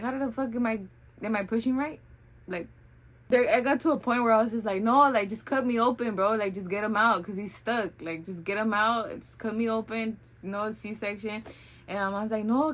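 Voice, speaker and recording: A young woman talks at an ordinary, middle pitch. She chats casually and bluntly, swearing freely and slipping into Spanish phrases. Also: low-quality recording. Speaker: vlogger telling her own birth story. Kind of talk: casual storytime chat.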